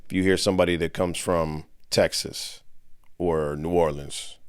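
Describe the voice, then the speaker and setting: A man's voice: low-pitched, steady tone, unhurried, clear, resonant tone, no room sound, clean studio sound. A middle-aged man from the Bay Area with a Californian accent, a father co-hosting a casual podcast in slangy, laid-back talk. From San Francisco Bay Area. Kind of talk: casual chat.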